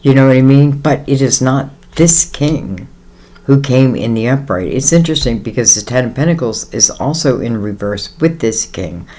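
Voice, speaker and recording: Man, tarot reader, casual rambling talk, lots of fillers, reassuring, average pitch. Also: lively intonation, normal speed, warm tone. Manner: rambling, conversational, many fillers; reassuring, speaks straight to the listener.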